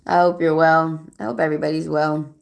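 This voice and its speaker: A woman's voice: sits low, level tone, brisk, creaky. A woman giving a casual live-stream tarot reading, answering viewer comments aloud in a loose, rambling way. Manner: loose and rambling, with fillers and restarts. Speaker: tarot reader. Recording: music playing behind the voice.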